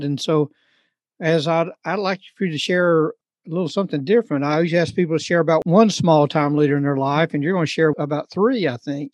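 A man hosting an interview, asking affable, unhurried questions. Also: on the high side, darkish tone, no echo, muffled recording. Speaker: host. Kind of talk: interview host.

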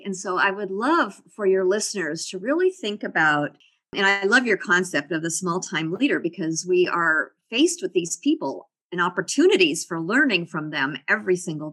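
A middle-aged woman appears as an interview guest, speaking in a lowish, fairly bright, slightly rough voice. She reflects casually on personal stories and laughs often.

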